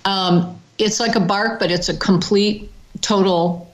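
Woman guest, slow unhurried delivery, earnest storytelling with dramatic pauses, mid-range voice. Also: medium pitch, steady tone, rough recording. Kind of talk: casual spoken storytelling.

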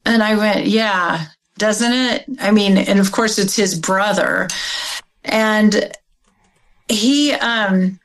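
Animated middle-aged woman telling a story. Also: medium pitch, slow, long pauses, low-quality recording. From Oregon, US. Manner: animated, acts out quoted dialogue. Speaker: interview guest. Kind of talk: personal storytelling in an interview.

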